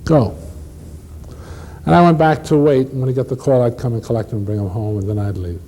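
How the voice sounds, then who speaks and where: A man performing a one-man stage play, telling a first-person story with dramatic pauses and shifts in pace. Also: mid-range voice, fairly even intonation, warm tone, poor audio.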